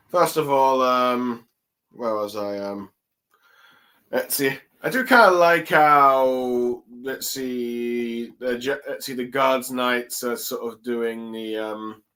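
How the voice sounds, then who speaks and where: A young man casually recapping a comic chapter on his own, halting often with ums and let's sees. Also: medium pitch, pushed and bright, rough recording. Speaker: chapter reviewer. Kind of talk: casual solo commentary.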